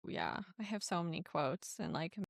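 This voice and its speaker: A woman's voice: fairly low pitch, wildly swooping pitch, normal speed, creaky, no room sound, studio quality. A woman co-hosting a podcast interview, chiming in with shared memories. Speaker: podcast host. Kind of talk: conversational interview.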